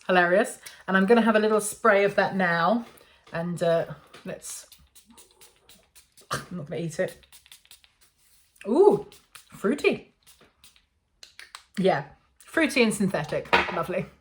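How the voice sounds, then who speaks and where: A woman's voice: mid-range voice, lively intonation, moderate pace, long pauses. A woman, chatting to camera in a casual make-up review, self-amused and full of ums. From England. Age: 40s. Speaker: beauty vlogger.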